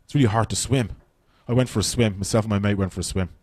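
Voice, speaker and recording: Fast-talking Irish man doing stand-up. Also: lowish voice, dry recording. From Ireland. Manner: chatty, swearing, animated storytelling. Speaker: stand-up comedian. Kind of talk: stand-up comedy set. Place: comedy club stage with audience.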